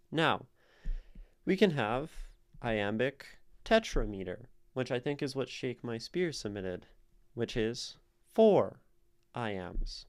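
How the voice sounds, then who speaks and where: A man's voice: medium pitch, very animated, takes it slowly, smooth. A man streaming live, casually explaining poetic meter and sounding out the stress in words as he thinks aloud. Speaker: streamer analyzing poetry.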